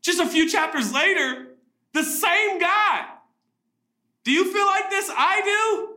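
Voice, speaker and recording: A man preaching a sermon, animated, acting out quoted voices with big jumps in pitch. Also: slow, roomy sound. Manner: animated, acts out voices of biblical figures and himself with pitch jumps. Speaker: pastor.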